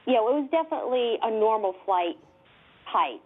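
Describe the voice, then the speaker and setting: A woman investigator telling a story with excitement, laughing often and using many fillers. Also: on the high side, brisk, breathy edge. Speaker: guest UFO investigator. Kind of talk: animated storytelling. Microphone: telephone. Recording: tinny phone line.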